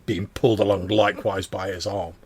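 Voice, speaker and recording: A man's voice: deep voice, level tone, a little fast, a little mellow. A man running a tabletop game as game master, explaining rules and describing scenes in a loose, rambling way.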